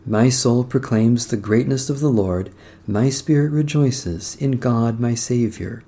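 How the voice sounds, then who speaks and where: A man reading psalms, prayers and a gospel passage in a measured, solemn, devotional cadence. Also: medium pitch, lively intonation, warm tone. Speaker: prayer reader. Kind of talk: liturgical reading of psalms and scripture.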